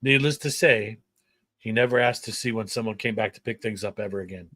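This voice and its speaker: A podcast co-host with a lowish voice talks fairly quickly on a dry recording, sharing a work anecdote in relaxed banter. He tells it with animation, impersonating the people he quotes.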